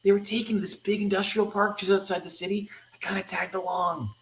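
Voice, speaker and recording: A scared young teen girl from a comic reading, as a man pitches his voice way up. She comes out high and breathless, rushing through her words, and her tone stays bright and sharp. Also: level tone. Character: frightened thirteen-year-old girl hero.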